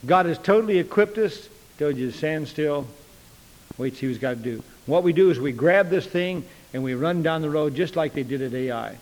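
A folksy preacher man delivering a sermon, his voice sitting a little high for a man. He acts out each conversation he tells, and a long reverb from the hall trails behind his words. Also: expressive, normal speed.

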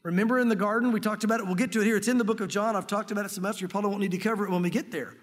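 A man teaches from the Bible in an earnest, emphatic sermon, often restarting his phrases in his enthusiasm. His voice sits high for a man. A long reverb trails behind each phrase. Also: steady tone, rapid-fire. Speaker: pastor.

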